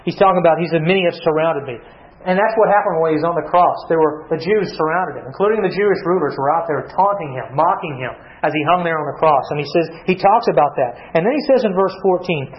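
Male preacher, high voice, asks and answers his own questions; roomy, slightly dull recording. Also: fast. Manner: asks questions then answers them himself. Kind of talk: sermon. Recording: echoey room, slightly dull sound.

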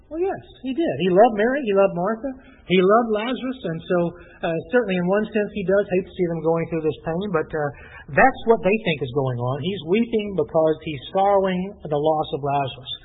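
High husky preacher guy going verse by verse, lots of uh and restarts, tinny phone sound. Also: animated, long reverb tail. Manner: halting, repeats words, many fillers. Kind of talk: expository sermon.

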